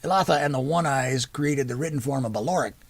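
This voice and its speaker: A man's voice: mid-range voice, fast, vocal fry, no room sound, voice pushed up. Man as a big scarred elf brother. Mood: patient. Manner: patient, tutoring, teasing. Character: big scarred male elf, warm teasing older brother.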